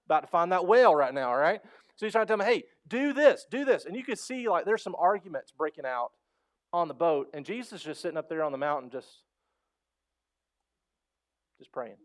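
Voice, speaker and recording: A man preaching a sermon as pastor, animated and conversational, acting out voices and asking the congregation questions. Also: on the high side, brisk, pauses often. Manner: animated storytelling, acts out quoted voices; conversational, asks the crowd questions.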